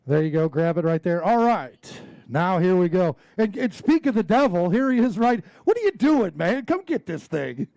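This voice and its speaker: A high-pitched man emcees a fishing weigh-in on an outdoor stage, hyping the crowd with loud call-outs and quick jokes. His voice is dry and close on a handheld mic. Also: sing-song, no room sound. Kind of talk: live tournament emcee.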